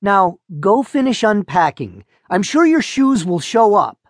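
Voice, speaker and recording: A man voicing a calm, practical mother who speaks patiently and soothingly. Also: mid-range voice, measured pace, no echo, clean studio sound, pitched above the performer's own voice. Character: calm practical mother, a vet, middle-aged.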